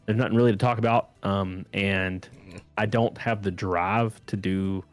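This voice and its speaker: Low-voiced dude rambling through a story on a podcast, swearing a lot, faint music behind. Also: male voice, fairly even intonation, a little slow. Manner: laid-back rambling, swears freely. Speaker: podcast guest. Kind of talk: casual storytelling chat.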